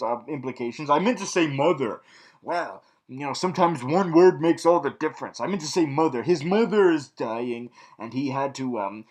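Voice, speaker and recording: Excitable, cursing man vlogging a recap; stammering, wildly animated pitch. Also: poor audio. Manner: excitable, swears a lot, many restarts and stammers. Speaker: vlogger recapping TV episodes in a supervillain persona. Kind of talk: casual rambling recap.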